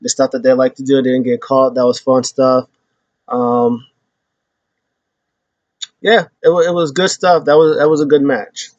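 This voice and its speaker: A man hosting a casual wrestling recap, retelling events in an animated way and acting out the quotes. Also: medium pitch, normal speed, long pauses, dry recording. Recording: dull lo-fi sound.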